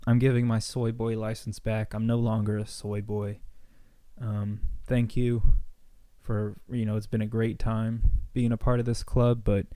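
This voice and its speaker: A young man telling a comic story in a deadpan, mock-serious rambling way, like a vlogger's monologue. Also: fairly low pitch, unhurried, clean tone, dry recording. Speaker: comedy vlogger.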